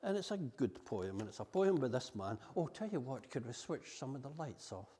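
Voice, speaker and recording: A man's voice: mid-range voice, sing-song, normal speed, dark tone, slightly rough. A Scottish man giving a public history talk to an audience in a hall, chatty and digressive while reading from his script. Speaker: local history speaker. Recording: long hall reverb.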